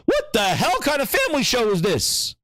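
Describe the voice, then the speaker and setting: A man's voice: very high voice, huge pitch swings, moderate pace, bright, forceful tone, no echo, clean studio sound. A man hosting a gaming channel, delivering a heated, profanity-laced solo rant.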